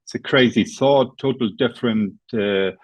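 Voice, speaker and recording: A man in his fifties, a guest speaker sharing a personal work story with many pauses and fillers. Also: medium pitch, dry recording. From Germany. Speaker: guest speaker, logistics executive. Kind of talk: storytelling presentation. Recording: dull dry webinar audio.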